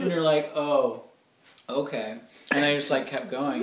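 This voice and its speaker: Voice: medium pitch, steady tone, normal speed. A young college student telling a story casually, acting out the quotes, swearing and laughing along the way. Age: young adult. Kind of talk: animated storytelling. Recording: noisy echoey room, mic far off.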